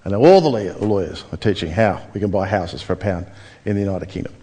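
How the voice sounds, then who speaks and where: A man's voice: deep voice, quick pace, breathy edge. Aussie guy pumping up a seminar crowd, lots of stories and questions. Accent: Australian. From Australia. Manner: energetic, storytelling, questions to audience. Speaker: property seminar speaker. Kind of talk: motivational seminar talk.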